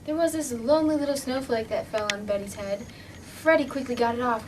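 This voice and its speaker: Brief: high-pitched girl storyteller, playful and dramatic, distant mic, faint hum. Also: fairly quick. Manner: playful, dramatic, with shouted sound effects. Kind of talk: improvised storytelling.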